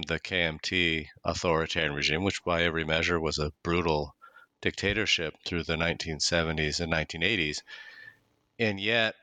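A man, a guest author, explaining his academic argument in a measured way in an interview. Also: sits low, pushed and bright, dry recording.

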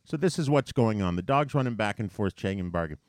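A man telling a story in a casual chat, animated and profane, getting heated as he goes. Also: fairly low pitch, fast talker, no room sound, clean studio sound. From New York.

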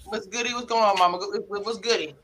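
A man hosting a live online panel, warmly and energetically introducing each guest in turn. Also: sits high, fairly even intonation, fast, heavy background noise. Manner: hyped, affectionate, introduces guests. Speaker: host.

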